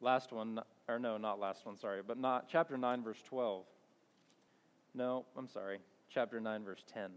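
A man's voice: mid-range voice, fairly even intonation, normal speed. Man teaching scripture in a reverberant hall. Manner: conversational, restarts and self-corrections. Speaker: Bible teacher. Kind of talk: sermon with scripture reading.

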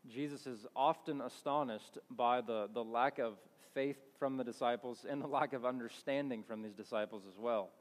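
A man teaches from the Bible in a relaxed, conversational way, reading verses and then unpacking them. He corrects himself mid-sentence at times. His mid-pitched voice carries a long reverb, as in a large hall. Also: normal speed. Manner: conversational, restarts and self-corrections. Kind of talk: sermon with scripture reading.

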